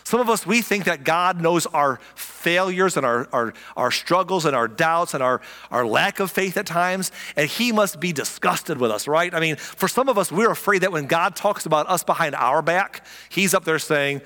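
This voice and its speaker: Man, pastor, lively conversational sermon, slightly high voice, long hall reverb. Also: moderate pace, few pauses. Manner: animated, conversational, repeats for emphasis.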